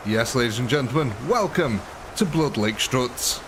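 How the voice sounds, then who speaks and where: An English man in his younger years hosts a live game stream, his voice sitting in an ordinary middle range. He talks excitedly, laughs a lot and keeps addressing viewers as ladies and gentlemen. A faint noise runs beneath the recording. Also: medium pitch, normal speed. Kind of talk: casual live gaming commentary.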